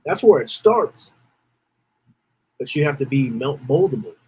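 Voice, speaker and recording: A man's voice: mid-range voice, very animated, measured pace, darkish tone, slight background noise, rough recording. A man hosting a podcast, telling a story in a casual, rambling way, repeating himself and holding back tears. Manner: emotional, rambling, repeats phrases. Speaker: podcast host.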